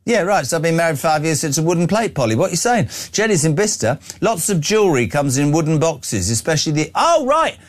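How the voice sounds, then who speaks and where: A man's voice: on the high side, animated, fast talker, hardly any pauses. Middle-aged guy hosting morning radio, chatty and opinionated, reads out listener texts. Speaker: radio host. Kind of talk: breakfast radio talk and text reading.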